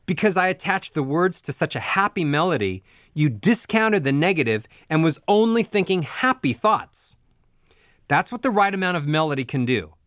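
A man coaching voice exercises, talking the listener through each drill and then demonstrating it. His voice sits a bit higher than most men's. The recording is close and dry, with no room sound. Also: a bit bright, no room sound. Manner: demonstrative, sings and mimics examples. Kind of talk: instructional narration.

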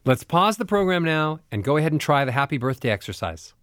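A man's voice: on the high side, very animated, quick pace, fairly bright tone, no echo. Man coaching voice exercises, dry sound. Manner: demonstrative, sings and mimics examples. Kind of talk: instructional narration.

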